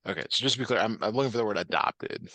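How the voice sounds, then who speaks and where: A man's voice: lowish voice, very fast, bright, forceful tone, no room sound. A man tutoring a student online, patient and encouraging, with many fillers.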